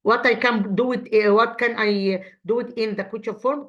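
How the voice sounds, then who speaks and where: An Egyptian-accented woman whose first language is Arabic teaches English in a revision lesson, going over exercises haltingly, repeating words, and checking in with "okay?". Her voice is a little high, and the sound is lo-fi.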